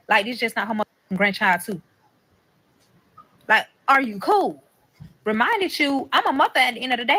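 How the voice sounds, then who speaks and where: Bright, animated woman telling a story. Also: fairly high pitch, fairly quick. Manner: animated, profane, dramatic quoting. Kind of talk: casual story time.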